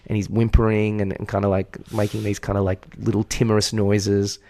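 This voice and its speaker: A man's voice: fairly low pitch, completely flat delivery, a little fast, dark tone, no room sound, studio quality. A man with an Australian accent, co-hosting a podcast and telling a long story in a candid, profane, self-deprecating way. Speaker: podcast co-host. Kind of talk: casual chat, storytelling.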